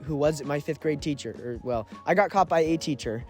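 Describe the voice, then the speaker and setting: A young man co-hosting a podcast, casually telling a story with frequent laughs and quick asides. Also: fairly high pitch, a little mellow, faint music behind. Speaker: podcast co-host. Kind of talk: casual chat.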